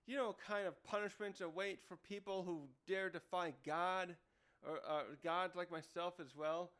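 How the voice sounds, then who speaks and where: A man's voice: sits high, fairly even intonation, normal speed, a bit bright, clean tone. A man voicing a haughty male self-styled god who sneers and raises his voice. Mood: scornful.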